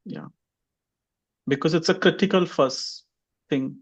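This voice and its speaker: A man's voice: a little high, slow pace, slightly rough. A man teaching an online English pronunciation class, calling on students by name and having them repeat words. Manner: questions students by name, drills repetition.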